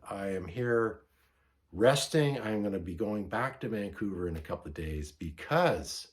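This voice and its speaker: A man's voice: on the low side, background noise. A man vlogging casually about records he found, rambling and correcting himself as he goes, enthusiastic about his finds. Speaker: vinyl record collector vlogger. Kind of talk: casual show-and-tell vlog.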